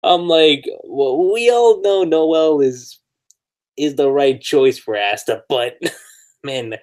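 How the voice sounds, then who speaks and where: A man's voice: fairly high pitch, slow, darkish tone. A man hosting a podcast, chatting casually through an anime recap, laughing often and acting out character lines. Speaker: podcast host.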